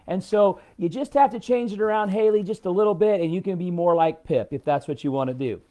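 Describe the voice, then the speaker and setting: American guy rambling on a live stream, saying hi to viewers, mellow voice, a little high. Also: brisk, few pauses. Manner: rambling, chatty, greets viewers by name. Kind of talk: casual live-stream talk.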